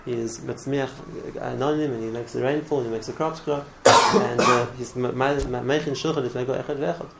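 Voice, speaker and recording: Gravelly-voiced man teaching a religious class. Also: mid-range voice, fairly even intonation, fairly quick, hardly any pauses, very noisy. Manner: earnest, repeats words, restarts phrases. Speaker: Torah teacher.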